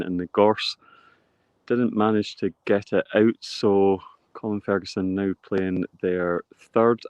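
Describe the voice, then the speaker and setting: A man giving live play-by-play commentary outdoors on a golf course, steady and descriptive, lifting on big shots. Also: low-pitched, no echo, muffled recording.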